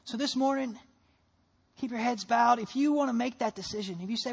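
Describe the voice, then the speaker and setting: A pastor preaching a sermon in a church, telling a story with lively rhetorical questions and dropping into soft, low tones for prayer. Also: brisk, creaky, husky.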